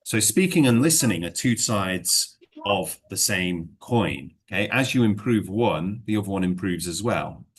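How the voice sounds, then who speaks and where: Faint music plays behind a man whose husky, lowish voice moves at a measured pace as he teaches English one-to-one. His relaxed talk rambles and hedges with frequent fillers before he turns to worked examples.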